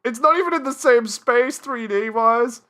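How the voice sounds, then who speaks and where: A woman's voice: fairly high pitch, moderate pace, fairly bright tone. A woman streamer in casual live-stream commentary, talking herself through a task and laughing at her own mistakes.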